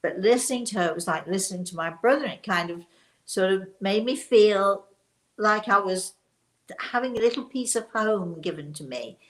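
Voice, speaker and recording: An older woman from Leicester with a softened English accent, telling a personal story in a chatty way with many restarts. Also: medium pitch, animated, normal speed. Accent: softened English, not strongly local. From Leicester, England. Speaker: spiritual medium host. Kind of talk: casual storytelling.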